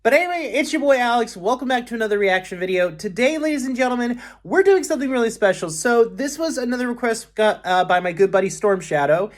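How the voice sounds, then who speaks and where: A man's voice: extremely high pitch, animated, fast, hardly any pauses. An upbeat man hosts a reaction video in a loose, casual way. He rambles and keeps correcting himself mid-sentence. His voice now and then cracks.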